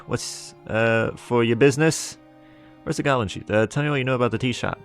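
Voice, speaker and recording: A man's voice: lowish voice, brisk, faint music behind. A man streaming a game, reading its text aloud and joking between lines, often laughing. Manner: joking, laughs often, reads dialogue with relish.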